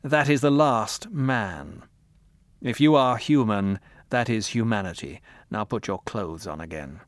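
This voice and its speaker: A man's voice: lowish voice, expressive, a little slow, no room sound, clean studio sound. A man voicing a cold, menacing middle-aged male interrogator in an audiobook, with a harsh, commanding, contemptuous manner. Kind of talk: audiobook character reading.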